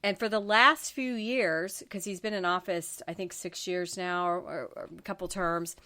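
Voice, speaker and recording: A woman's voice: lowish voice, steady tone, normal speed, bright, forceful tone. A middle-aged woman from the Florida Panhandle hosting a political talk show. She rants emphatically, sounds exasperated and restarts her sentences often.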